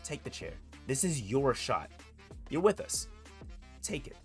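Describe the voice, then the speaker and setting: A man's voice: mid-range voice, sing-song, measured pace, faint music behind. A man retelling a domineering male wrestling champion, giving orders in a bossy tone. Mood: commanding. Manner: bossy, ordering others around.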